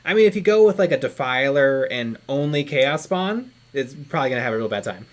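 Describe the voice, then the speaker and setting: A man chatting on a live stream in an easygoing way, often murmuring agreement as his co-host talks. His voice sits at an ordinary middle pitch. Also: animated, fairly quick. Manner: easygoing, lots of agreeing "mm-hmm". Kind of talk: casual chat.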